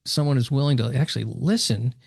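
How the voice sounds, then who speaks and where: A man's voice: mid-range voice, a little fast, gravelly, a little mellow, breathy edge, dry recording, clean studio sound. A man hosting a podcast interview who reflects on and adds to his guest's points. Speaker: podcast host. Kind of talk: conversational interview talk.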